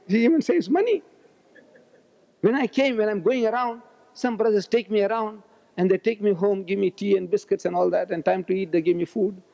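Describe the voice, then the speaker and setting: A man in his seventies giving a public lecture, talking loudly and forcefully in a roaring way. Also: sits high, gravelly. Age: 70s. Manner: loud, forceful, roaring delivery. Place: large lecture hall. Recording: echoey hall, dull lo-fi archive recording.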